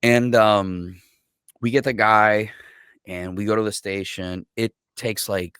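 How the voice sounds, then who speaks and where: A man who is a military veteran, guest on a podcast, telling stories in a casual, profane, animated way and acting out what others said. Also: fairly low pitch, slow, smooth, dry recording, studio quality. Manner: profane, animated storyteller who acts out quotes. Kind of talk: casual storytelling.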